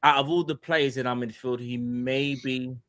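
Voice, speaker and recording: A man's voice: mid-range voice, fairly even intonation, moderate pace, a bit bright. A young man co-hosting a casual football podcast, talking in a rambling way full of "like". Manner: rambling, lots of "like" fillers. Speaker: podcast co-host.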